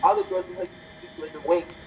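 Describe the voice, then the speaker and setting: A speaker casually improvising a fan story with a friend, animated and often checking in with "right?". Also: rapid-fire, a little hiss or hum, rough recording. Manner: animated, pitch jumping high when voicing characters, frequent "right?".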